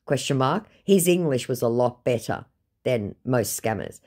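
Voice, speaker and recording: A woman's voice: very deep voice, expressive, unhurried, a little mellow. A woman vlogger telling a story by reading out a text chat, sarcastic and blunt.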